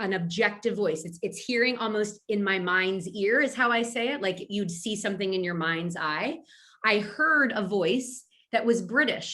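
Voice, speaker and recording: A woman's voice: mid-range voice, sharp tone. A middle-aged woman from Philadelphia, a medium talking casually as a guest, with many fillers and restarts. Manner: chatty, lots of fillers and restarts. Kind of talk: casual interview answers.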